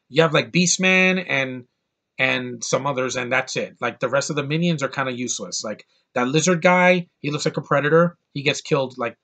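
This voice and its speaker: A man's voice: medium pitch, a bit bright. A man giving a casual, rambling spoken film review, enthusiastic and full of restarts. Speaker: movie reviewer.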